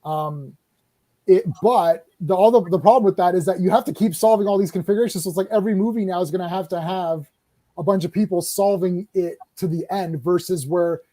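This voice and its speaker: A man hosting a casual online horror discussion, talking excitedly with lots of laughter. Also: sits high, fairly quick. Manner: excited, laughing, acts out scenes. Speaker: stream host. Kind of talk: casual chat about horror shows.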